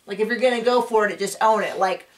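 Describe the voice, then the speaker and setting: A woman chatting casually as she recaps a show, rambling and acting out quotes in a higher voice. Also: fast talker, recorded from a distance. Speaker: recap vlogger.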